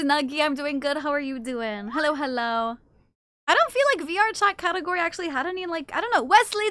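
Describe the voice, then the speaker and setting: A woman's voice: high-pitched, fairly bright tone, dry recording. A woman streamer chatting casually on a live stream, cooing baby talk to her cats between comments.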